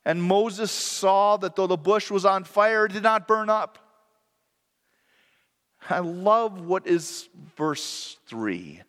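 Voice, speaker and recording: A man's voice: high voice, expressive, slow pace, fairly bright tone, in a large hall. A man preaching a sermon in an earnest, reflective way, sometimes correcting himself mid-sentence.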